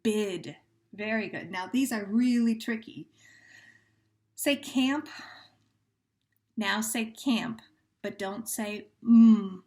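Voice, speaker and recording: A woman teacher speaks at a deliberately slow pace, drawing out each word so young listeners can follow. Her voice sits at an ordinary pitch for a woman, and she walks through sound drills patiently, with gentle praise. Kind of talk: phonemic awareness lesson for young children.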